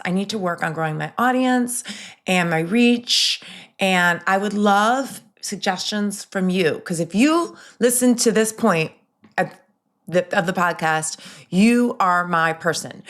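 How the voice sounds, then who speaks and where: A woman's voice: fairly low pitch, fairly bright tone. A middle-aged woman hosting a solo podcast, chatting in an upbeat, rambling way with many restarts and asides. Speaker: podcast host.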